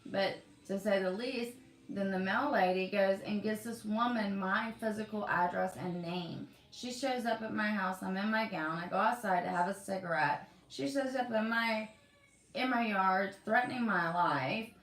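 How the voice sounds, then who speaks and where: A woman's voice: mid-range voice, normal speed, fairly bright tone. An older woman, venting bluntly and profanely in a home vlog. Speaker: vlogger. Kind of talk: angry ranting vlog. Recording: roomy, mic at a distance.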